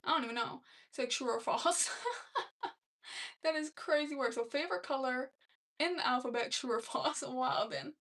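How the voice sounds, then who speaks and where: A woman's voice: high-pitched, moderate pace, a bit bright, recorded from a distance. A young woman hosting a casual live stream, chatting loosely and laughing as she reads comments aloud. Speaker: livestream host.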